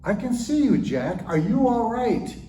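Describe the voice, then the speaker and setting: A man voicing God as a calm, patient voice from above, gently firm. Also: very high-pitched, measured pace, roomy sound, recorded from a distance, slight background noise, voice pushed up, full character voice.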